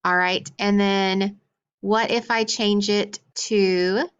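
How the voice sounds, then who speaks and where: A woman's voice: medium pitch, fairly even intonation, slow, smooth. Woman teaching little kids phonics, patient sing-songy prompts, kinda muffled. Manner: patient, sing-song call-and-response prompting. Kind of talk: phonics lesson for young children.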